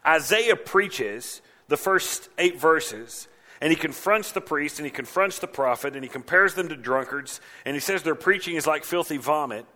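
Guy preaching a sermon, bright ringing voice, acts out mocking voices now and then. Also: a little high, normal speed. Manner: animated, mimics mocking voices. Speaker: pastor.

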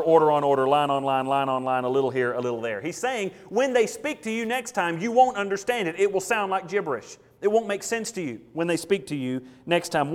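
A man delivers an expository sermon with emphatic force, dropping to hushed asides and then rising to loud declarations. His voice sits a little high for a man. The sound rings with the long reverb of a large hall. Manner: emphatic, mocking voices of scoffers, dramatic swings in loudness. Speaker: preacher.

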